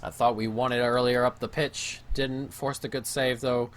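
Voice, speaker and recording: A man giving live play-by-play of his own football video game match, moving between excited shouts at goals and low, gloomy muttering at mistakes. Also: moderate pace. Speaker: gaming YouTuber.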